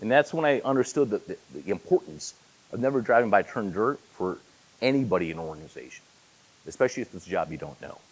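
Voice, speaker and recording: Man in his forties, keynote speaker, lively storytelling delivery, pitch swinging widely, self-deprecating humor. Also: fast talker, husky, rough recording. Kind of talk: conference keynote speech. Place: conference hall.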